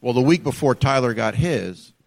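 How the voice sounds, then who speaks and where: A man from Florida, co-hosting a podcast and telling a story in a casual, animated way, acting out the voices he quotes. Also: medium pitch, normal speed, creaky, no echo. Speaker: podcast co-host.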